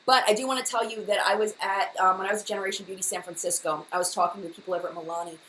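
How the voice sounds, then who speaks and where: A woman's voice: medium pitch, steady tone, racing, sharp tone, a little hiss or hum, rough recording. A woman hosting a casual live-stream makeup chat, gushing and enthusiastic, often repeating herself. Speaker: beauty vlogger, live chat host.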